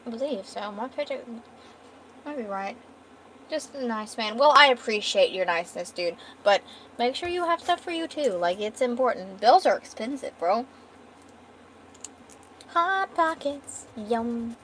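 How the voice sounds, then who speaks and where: A young woman streams herself drawing and chats loosely with her viewers. Her voice sits a little high and she swears without a second thought. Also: animated, moderate pace, a bit bright, slight background noise. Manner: chatty, swears freely. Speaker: art streamer. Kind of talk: casual livestream chat while drawing.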